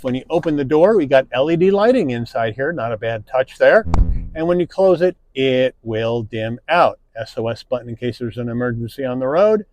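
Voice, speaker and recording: Relaxed man reviewing a car interior. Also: a little high, dry recording. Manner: relaxed, plain-spoken, listing features one by one. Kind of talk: walkaround car review narration. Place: inside a car cabin.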